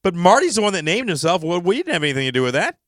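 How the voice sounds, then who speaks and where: A man hosting a casual comedy radio show in a studio, talking quickly and scattering "uh" fillers through his sentences. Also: high-pitched, very animated, fairly bright tone, no room sound. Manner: rapid, peppered with "uh" fillers.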